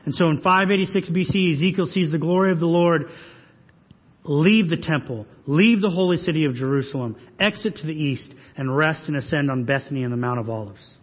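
A man's voice: fairly high pitch, a little fast. A pastor delivering a sermon, preaching earnestly and pressing his listeners with rhetorical questions. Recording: husky voice in long reverb hall, dull sound.

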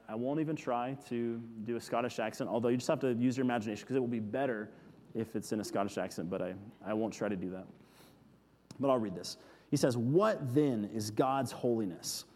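Male preacher, mid-pitched, earnest teaching sermon, echoing hall. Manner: earnest, with emphatic repetitions falling soft.

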